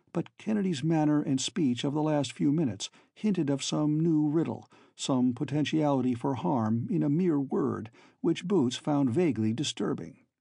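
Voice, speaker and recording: A man reading a novel aloud as an audiobook narrator, in a measured, steady way. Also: medium pitch, vocal fry, no echo. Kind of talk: scripted narration.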